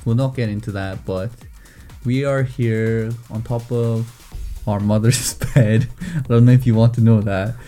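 A young man with a mid-range voice and a mellow, warm tone leads a casual chat podcast. He teases his co-host dryly and moves things along briskly. He is recording in a bedroom padded with blankets. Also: medium pitch, steady tone, faint music behind. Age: young adult. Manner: teasing, brisk and wry.

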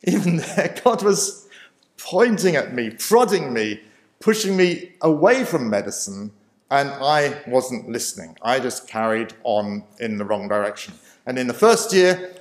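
A man and preacher telling his life story as a personal testimony in a self-deprecating way, often chuckling. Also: medium pitch. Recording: roomy echo.

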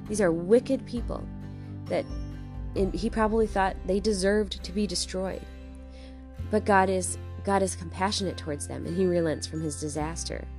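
A woman with a slightly low, warm and mellow voice reads scripture aloud and then teaches on it. Her delivery is measured and reflective, and she often pauses to put questions to the listener. Soft music plays faintly underneath. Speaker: Bible teacher. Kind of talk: scripture reading and devotional teaching.

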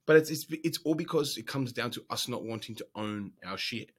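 A man, an online fitness coach, ranting bluntly and profanely about calories and accountability, loud one moment and muttering the next. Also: medium pitch, a little fast. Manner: profane, brash, animated, rants then drops to whispers. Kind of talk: blunt casual monologue.

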